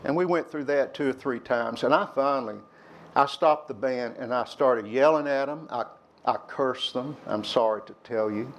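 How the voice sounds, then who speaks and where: An older man addresses young people with honest personal anecdotes, rambling slightly and raising his voice as he acts out old fights. His voice sits at a medium pitch, he talks at a normal speed, and a little hiss or hum can be heard.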